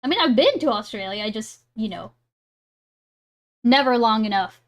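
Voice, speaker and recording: A woman's voice: on the high side, animated, normal speed. A woman streamer chatting casually and laughing while reacting live. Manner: giggly, rambling, self-deprecating.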